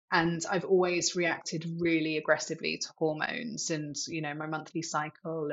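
Low, flat-voiced woman guest. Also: muffled recording. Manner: open, reflective, many fillers like "like". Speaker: tech executive, guest. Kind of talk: candid interview answers.

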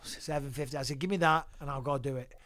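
An English man, a guest on a podcast, tells stories in a casual interview, swearing freely and spinning lively anecdotes. His mid-range voice moves fast, and the studio recording is clean with no echo.

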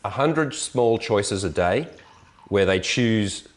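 Low-voiced man telling a wild story. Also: takes it slowly. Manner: animated storyteller, swearing, voices others. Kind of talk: casual storytelling chat.

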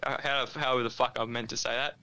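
A man's voice: medium pitch, steady tone, a little fast, pushed and bright, clear, resonant tone. Rambling Australian man calling in. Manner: rambling, hesitant, profane. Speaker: caller. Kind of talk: casual phone-in chat.

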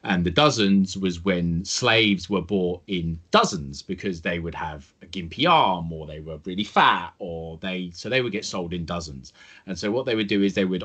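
A man co-hosting a podcast, rambling in casual chat, swearing and trailing off quietly at the ends of thoughts. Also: deep voice, breathy edge. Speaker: podcast co-host.

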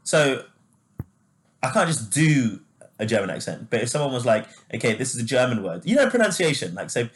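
A man's voice: medium pitch, sing-song, brisk. A man co-hosting a casual chat podcast, talking loosely with lots of fillers and laughing easily. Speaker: podcast co-host.

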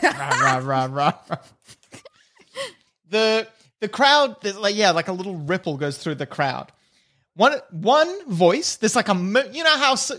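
A man's voice: high-pitched, fairly bright tone. A man running a tabletop game as game master, narrating loosely with fillers and giggles.

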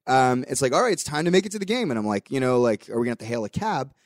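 A man's voice: medium pitch, lively intonation, racing, no room sound, studio quality. A young adult man hosting a podcast, telling a story in casual chat with voiced quotes and the odd swear. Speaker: podcast host.

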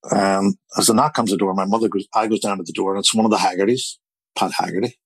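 Man, 60s, Northern Irish accent, husky, lowish, storytelling, dry sound. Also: fairly even intonation, fast talker, no echo, poor audio. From Belfast, Northern Ireland. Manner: rambling, repeats words while telling a story. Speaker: interviewee. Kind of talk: storytelling conversation.

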